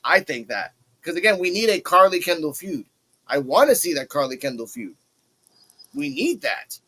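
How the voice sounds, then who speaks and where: A man hosting a casual wrestling review podcast, talking in an animated way and acting out the wrestlers' lines. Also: a little high, normal speed, breathy edge, low-quality recording. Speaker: podcast host.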